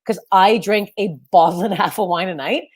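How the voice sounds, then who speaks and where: A woman's voice: brisk, slightly rough. A woman in her thirties doing stand-up over a video call from her parents' house, rambling and self-deprecating, with a sniffly stuffed nose. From Canada. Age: 30s. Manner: rambling, self-deprecating, swings into loud squeaky outbursts. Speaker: stand-up comedian. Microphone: webcam on a video call.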